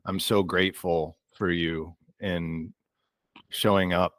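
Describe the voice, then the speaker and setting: A man hosting a group video call, talking slowly and gently, affirming the participants. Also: low voice, little pitch movement, no room sound. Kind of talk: warm reflective group facilitation.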